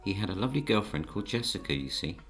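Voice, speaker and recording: A man gently narrating a children's story while he draws the pictures, and he often talks to the audience. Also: on the low side, sing-song, very fast, vocal fry, soft background music. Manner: gentle, coaxing, speaks to the audience.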